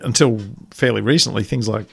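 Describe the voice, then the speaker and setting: Gravelly man with wry banter. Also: on the low side, fairly quick. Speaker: podcast co-host. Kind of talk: casual chat.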